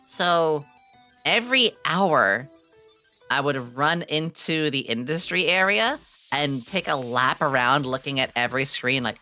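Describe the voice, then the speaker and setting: A young woman chats on stream in a low but bright, forceful voice that swoops up and down constantly. She is excitable and giggly, swears casually and answers her chat. Faint music plays behind her. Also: unhurried. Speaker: VTuber streamer.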